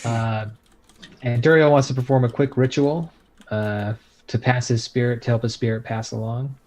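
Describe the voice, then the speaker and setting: A man playing a tabletop game, soft-spoken and hesitant. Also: medium pitch, steady tone, normal speed. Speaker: player. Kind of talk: tabletop role-play.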